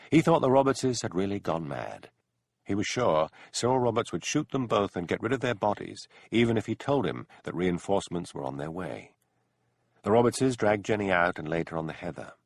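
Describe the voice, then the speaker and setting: A man narrates a mystery audiobook with a low, gravelly voice that rises and falls widely. The sound is close and dry, like a studio booth. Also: no echo. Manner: expressive storytelling with character voices.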